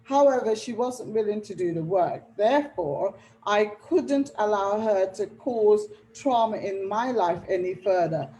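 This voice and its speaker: A woman host keeps the discussion going, affirming her guests and reading out viewer comments. Her pitch is mid-range. A faint hum sits under her voice. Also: a little slow, hardly any pauses, warm tone, poor audio. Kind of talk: conversational talk show discussion.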